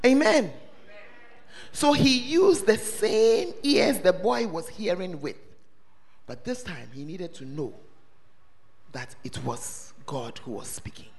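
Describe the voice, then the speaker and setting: A man preaching a sermon, quizzing the congregation with questions and breaking into shouts. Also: sits high, animated, slow, long pauses. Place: church service hall. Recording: long reverb of a large hall.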